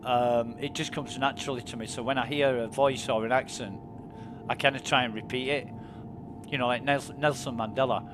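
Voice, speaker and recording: While streaming a game, a man chats casually and enthusiastically, swearing freely. His mid-range voice holds a steady tone at a brisk pace, with background noise audible.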